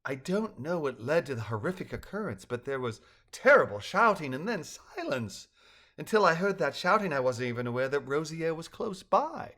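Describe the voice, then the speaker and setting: A man voicing a gentle, troubled telepathic balloon creature, telling its story in an earnest, measured way. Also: fairly high pitch, very animated.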